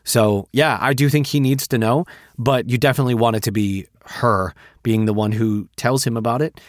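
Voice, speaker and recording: A man's voice: medium pitch, fairly even intonation, moderate pace, dry recording, clean studio sound. A man co-hosting a podcast, talking in a casual, blunt, profane way while giving candid advice. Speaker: podcast co-host. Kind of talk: casual chat.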